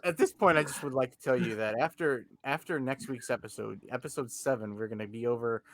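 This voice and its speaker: A man's voice: medium pitch, brisk. A man hosting a casual podcast, speaking animatedly into a podcast microphone and poking fun at himself. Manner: animated, self-deprecating, talks to listeners. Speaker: podcast host. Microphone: podcast microphone with headphones.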